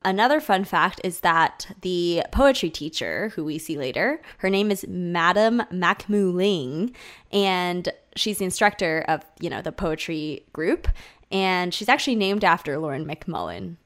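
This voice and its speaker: A chatty woman with a somewhat low voice co-hosts a casual podcast. She shares fun facts and trivia about a cartoon episode and giggles now and then. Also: animated, a little slow, fairly bright tone. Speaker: podcast co-host.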